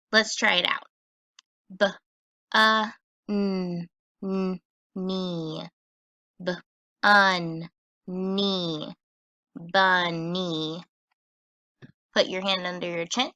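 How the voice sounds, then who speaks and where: Young woman teacher, phonics lesson; unhurried and crisp, recorded dry and close. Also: mid-range voice, sharp tone, no room sound. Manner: slow, patient sounding-out of words.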